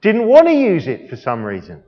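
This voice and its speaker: A man's voice: sits high, wildly swooping pitch, moderate pace. A male preacher delivering a sermon in a playful way, quizzing the congregation, recorded in an echoey church hall with a dull sound.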